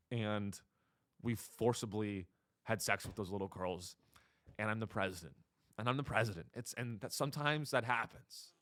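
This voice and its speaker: A man voicing a male president who calmly brushes off his own crimes in a low, hushed, dismissive tone. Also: dry recording, natural voice.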